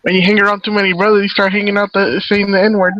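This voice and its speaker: A man's voice: high voice, flat delivery, quick pace, bright, forceful tone, highs cut off. A man in casual voice chat who drops blunt, crude interjections.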